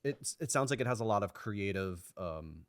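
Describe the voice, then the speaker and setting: A young man with a low voice co-hosts a movie podcast, talking loosely and circling his point with fillers and restarts. He is close to the mic in a dry, deadened room. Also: expressive, normal speed, clear, resonant tone, dry recording. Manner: rambling, hedging with fillers and restarts. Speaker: podcast co-host. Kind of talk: casual chat.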